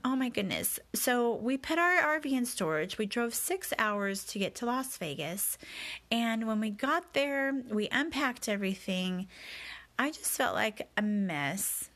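A woman's voice: on the high side, expressive, unhurried, a bit bright. A woman telling a personal story in a candid, confessional, reflective way as a podcast host.

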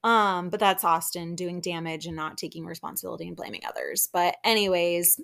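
A woman hosting a podcast, chatting casually through a recap of a reality TV episode with lots of "like" and quick laughs. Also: fairly low pitch, creaky, a bit bright. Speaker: podcast host.

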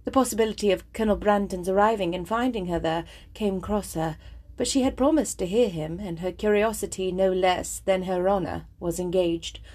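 Husky woman reading a classic novel. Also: medium pitch, fairly quick, darkish tone. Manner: chatty, self-deprecating, eager. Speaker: audiobook reader. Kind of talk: casual intro then novel narration.

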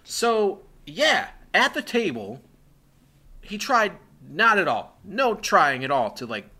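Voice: mid-range voice, sing-song, slow, bright, forceful tone. A podcast co-host recapping a TV episode in casual chat, blunt and insulting, heavy on "like".

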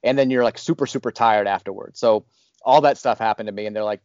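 A podcast host telling a personal story in a casual, animated, rambling way. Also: male voice, lowish voice, quick pace, clear, resonant tone, no echo, lo-fi sound. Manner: animated, rambling, restarts often.

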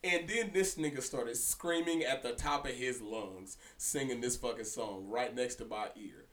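A young man co-hosting a podcast, telling a story in casual, profane chat with an animated delivery. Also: medium pitch, moderate pace, far from the mic. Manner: animated, profane, breaks into laughter. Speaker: podcast co-host. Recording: roomy echo, somewhat off-mic.

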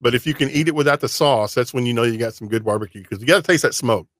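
A man's voice: medium pitch, quick pace, a bit bright, no echo, studio quality. A man from Texas hosting a casual interview, friendly and restarting his words as he talks. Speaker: podcast host.

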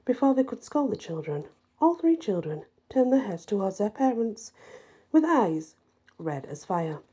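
A woman reading a folk horror story aloud in a measured, slightly hesitant way. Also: medium pitch, sing-song, dark tone, husky.

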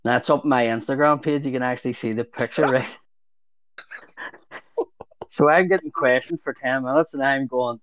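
A man's voice: mid-range voice, lively intonation, brisk, fairly bright tone, no echo. A man with a Belfast accent, a guest on a casual podcast, telling stories full of swearing and laughter. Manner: sweary storyteller, laughs often. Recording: dull lo-fi audio.

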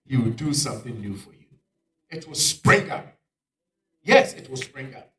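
A male preacher giving a dramatic sermon, swinging from loud exclamations down to near-whispers. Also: medium pitch, sing-song, normal speed. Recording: echoey room, picked up from far off.

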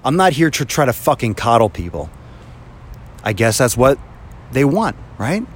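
A man's voice: medium pitch, very animated, moderate pace. Man in a profane, heated rant. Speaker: social media creator. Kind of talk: angry ranting vlog.

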